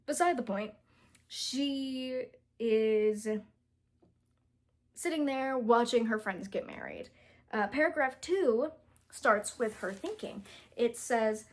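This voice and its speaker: A woman's voice: fairly high pitch, slow pace, long pauses. A young woman casually reviewing a book to camera, chatty and self-deprecating, full of fillers and restarts, and stumbling over words when she reads passages aloud.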